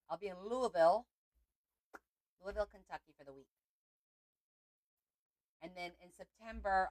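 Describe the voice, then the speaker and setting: A woman's voice: medium pitch, a little mellow, no room sound, poor audio. A woman hosting a craft livestream, chatting casually and rambling as she talks to viewers.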